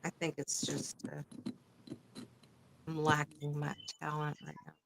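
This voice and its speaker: A woman's voice: sits low, completely flat delivery, measured pace, creaky, noisy background. A woman hosting a casual crafting livestream, chatty and swearing casually as she works. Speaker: livestream host. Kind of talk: casual chat while crafting.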